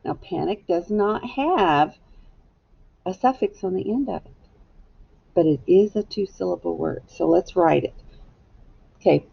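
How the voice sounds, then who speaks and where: Casting: woman teacher, husky and a bit low, patient, lo-fi recording. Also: expressive. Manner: slow, clear, patient teacher talk. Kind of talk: phonics lesson for children.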